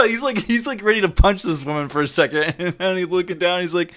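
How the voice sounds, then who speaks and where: Man giving animated, profane live commentary. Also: sits high, fast, hardly any pauses, no room sound. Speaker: live stream host. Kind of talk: casual live-stream commentary over a video.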